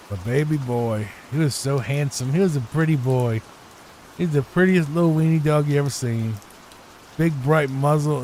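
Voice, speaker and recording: This voice is a little high and somewhat mellow, picked up by a home desk microphone with faint background noise. The man, a gaming YouTuber, improvises drowsy, rambling commentary for sleep over his gameplay and tends to say things twice.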